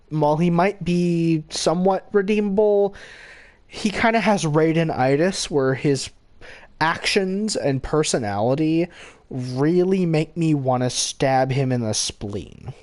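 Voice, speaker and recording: A man chatting casually about game characters in a slow, unhurried way. His pitch swings up and down freely. He rambles, corrects himself mid-sentence and slips in giggly asides. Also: darkish tone. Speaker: gaming channel host.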